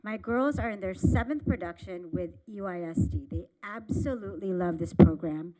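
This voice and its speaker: A middle-aged woman, a parent, giving a measured, earnest public comment at a city meeting from a podium microphone in a council chamber. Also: medium pitch, mellow, low-quality recording.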